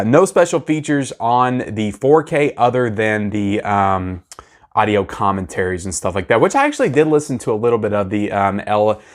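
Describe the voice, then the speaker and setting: A man, chatting casually to viewers as he unboxes and reviews movies. He is excitable and repeats himself often. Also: lowish voice.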